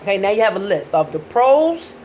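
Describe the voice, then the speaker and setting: A woman life coach speaks straight to viewers in a casual advice vlog, bluntly and with plenty of swearing. Her mid-range voice is mellow, a little fast, and swings widely in pitch, with a bit of hiss or hum in the audio.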